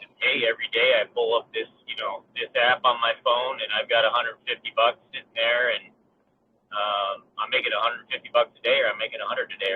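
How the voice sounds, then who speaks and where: A man's voice: medium pitch, pushed and bright. A man co-hosting a casual podcast, chatty and enthusiastic, laughing between his points. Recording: tinny phone-like line with faint noise.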